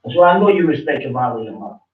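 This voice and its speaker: Another stretch of the same informal sermon: the man talks in a mid-range, sing-song voice at a racing pace, blunt, slangy, and confrontational toward his listener. It's a religious teacher captured in distant, roomy, dull sound.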